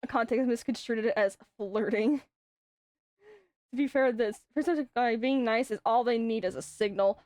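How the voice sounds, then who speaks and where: A woman's voice: fairly high pitch, normal speed, a little mellow, dry recording, clean studio sound. A young adult woman streaming, chatting casually and telling rambling stories with frequent swearing. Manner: swears often, rambling storytelling. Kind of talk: casual chat.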